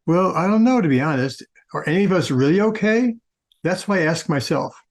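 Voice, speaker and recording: Storybook read-aloud: man doing a gloomy, lonely donkey, glum, lifted higher than his own voice. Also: animated, a little fast. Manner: glum, downcast.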